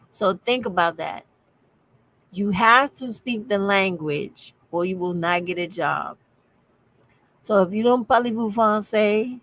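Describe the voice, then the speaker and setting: A woman's voice: mid-range voice, takes it slowly, fairly bright tone, no echo. Emphatic woman reacting and commenting. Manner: emphatic, repeats points.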